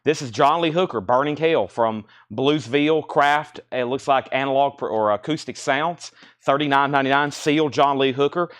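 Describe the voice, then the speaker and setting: A man hosting a live record sale indoors, briskly listing titles and prices in a chatty auctioneer way, a little choked up. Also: medium pitch, a bit bright. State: slightly choked, coughing. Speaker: livestream record seller. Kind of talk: live sales stream.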